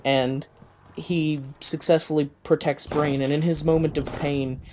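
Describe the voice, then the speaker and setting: A man's voice: on the high side, flat delivery, unhurried, darkish tone, a little hiss or hum. A man casually recounting a tabletop game session, rambling with fillers and chuckles. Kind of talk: casual storytelling.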